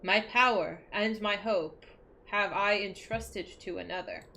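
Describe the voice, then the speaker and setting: A woman reading aloud as a grave, wounded ancient dragon, slow and solemn. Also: medium pitch, noisy background, natural voice.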